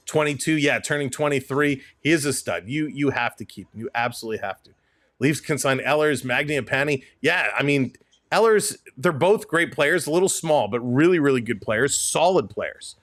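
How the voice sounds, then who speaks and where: A man's voice: medium pitch, normal speed, fairly bright tone, no echo. Chatty male stream host, emphatic and repetitive, dry close sound. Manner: chatty, emphatic, repeats himself. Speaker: livestream host. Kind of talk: casual hockey talk reading chat.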